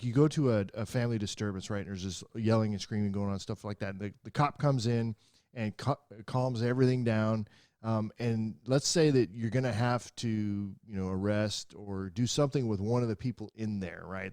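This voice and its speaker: A man with a fairly low voice, co-hosting a casual talk show. He explains things at length in a conversational tone. The recording is dry and close, with no room echo. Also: darkish tone. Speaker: co-host. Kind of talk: casual chat.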